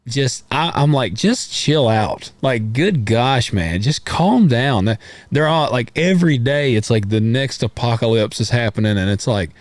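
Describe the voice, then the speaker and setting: An American man co-hosting a podcast, chatting casually about politics in a rambling, folksy, animated way. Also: medium pitch, no echo. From United States. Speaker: podcast co-host.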